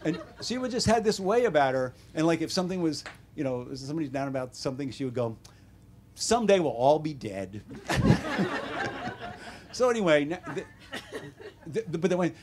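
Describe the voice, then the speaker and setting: A man in his seventies with an American accent, an author telling wry, deadpan stories at a bookstore talk. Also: a little high, a little fast, pauses often, noisy background. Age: 70s. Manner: wry, deadpan humor with animated quoted voices. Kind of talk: casual storytelling Q&A. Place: bookstore event room.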